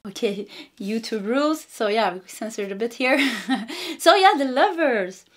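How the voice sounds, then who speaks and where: A woman with a Swedish accent giving a casual spiritual tarot reading, meandering and giggly, gently reassuring. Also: a little high, animated, normal speed. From Sweden. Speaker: tarot card reader.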